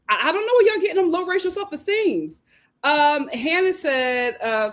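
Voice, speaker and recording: Animated woman hosting a live chat show. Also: high voice, normal speed. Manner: animated, laughs often, lots of restarts. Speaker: host of a reality TV review livestream. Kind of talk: casual live chat, reading viewer comments aloud.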